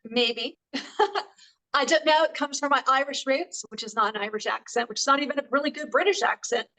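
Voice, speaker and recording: A woman with a fairly high voice hosting a casual movie review chat. She rambles in a friendly way, full of ums and asides. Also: a little fast, pushed and bright, rough recording. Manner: chatty, lots of fillers and laughs. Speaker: co-host.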